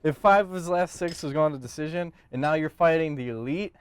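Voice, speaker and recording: A man co-hosting a podcast, talking fights in casual, profane, animated chat. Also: on the high side, a little fast, a loud crowd. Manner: profane, animated, breaks into joking bits. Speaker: podcast co-host.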